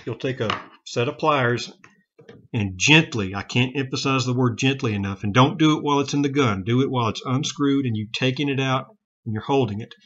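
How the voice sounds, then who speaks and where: A man giving a casual how-to demonstration of taking a revolver apart, talking plainly with halting restarts and self-corrections. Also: medium pitch, lo-fi sound, slight background noise. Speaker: gun hobbyist demonstrating revolver repair.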